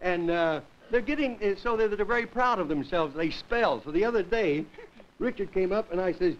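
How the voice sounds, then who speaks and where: A man's voice: high voice, expressive, moderate pace. Chuckling comedian man, dull 1950s TV sound. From United States. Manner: rambling, chuckling at his own jokes. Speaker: comedian host. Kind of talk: stand-up monologue before a studio audience. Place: television studio with live audience. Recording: dull lo-fi 1950s television audio with faint hiss.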